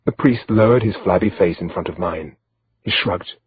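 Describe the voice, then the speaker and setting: A man narrating an audiobook in first person with a measured, steady delivery, in a slightly dull lo-fi recording. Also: deep voice, husky.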